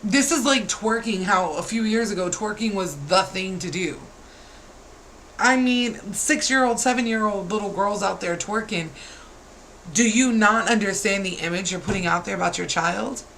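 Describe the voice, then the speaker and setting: A woman's voice: medium pitch, moderate pace, creaky, a bit bright, a little hiss or hum, low-quality recording. A woman in her thirties, a parent, ranting to camera with exasperated, scolding rhetorical questions. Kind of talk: heated rant to camera.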